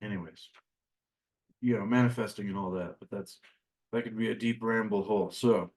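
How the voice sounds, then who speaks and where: A man giving a spiritual lesson in a slow, musing way, often trailing off into quiet asides. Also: lowish voice, steady tone, rough recording. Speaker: spiritual teacher. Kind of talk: reflective spoken lesson.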